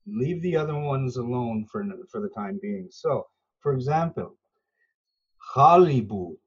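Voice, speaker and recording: A man from Newfoundland, Canada, a language learner and interview guest, answers questions with earnest, patient, teacherly explanations and frequent hesitations. His mid-range voice is mellow and husky with lively intonation at a normal speed, though the audio is dull.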